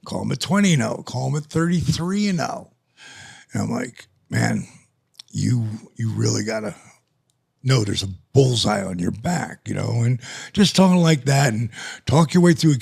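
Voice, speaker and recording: An older man as a podcast guest, telling stories in a casual, animated way and acting out the conversations. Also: mid-range voice, normal speed, gravelly, breathy edge. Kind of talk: casual storytelling. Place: lives in the US.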